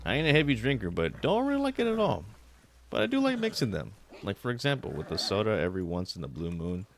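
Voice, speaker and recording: Low-voiced laid-back rambling man. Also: sing-song, quick pace. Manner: rambling, laid-back, swears often, sprinkles in Spanish words. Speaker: streamer. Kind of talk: casual chat while gaming.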